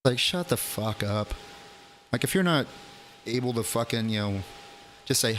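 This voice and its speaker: Male storyteller, mid pitch, swears freely, chatty and blunt; faint noise behind him. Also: lively intonation, moderate pace, long pauses, a bit bright. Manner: profane, blunt, laughs at own jokes. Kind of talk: casual storytelling.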